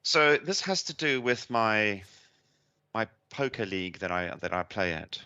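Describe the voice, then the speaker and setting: A man's voice: lowish voice, lively intonation, unhurried, sharp tone, clear, resonant tone, no echo, highs cut off. A middle-aged man with a South African accent, telling stories with wry humour in a casual podcast chat. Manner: wry, storytelling, restarts phrases. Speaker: podcast co-host.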